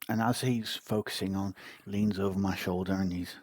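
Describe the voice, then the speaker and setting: A man's voice: low voice, steady tone, moderate pace, no echo. A man hosting a podcast, telling a personal story in a casual, wry, self-mocking way. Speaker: podcast host.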